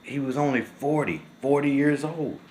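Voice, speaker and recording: A man's voice: expressive, darkish tone, a little hiss or hum. A young man, talking to camera in casual, emotional commentary. He is upset and indignant and says "man" again and again. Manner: drawn-out and low when shaken, rises sharply when angry. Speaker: vlogger.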